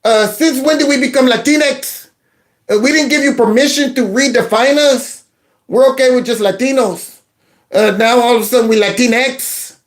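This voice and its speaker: A man's voice: very high voice, moderate pace. A man hosting a reaction commentary channel, mocking and sarcastic with laughing asides.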